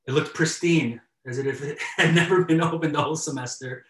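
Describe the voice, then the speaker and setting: Male pastor, slightly high voice, casual storytelling sermon, echoey room, set back from the mic. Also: steady tone, a little fast, few pauses, far from the mic. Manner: conversational, warm storytelling with chuckles and repeated starts.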